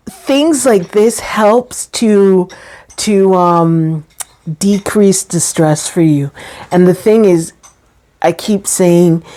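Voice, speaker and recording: Slow-talking, chatty woman who laughs a lot. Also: medium pitch, warm tone. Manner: chatty, laughs often, drifts into quoted voices. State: getting teary. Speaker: channel host sharing her experience. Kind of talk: personal talk to camera.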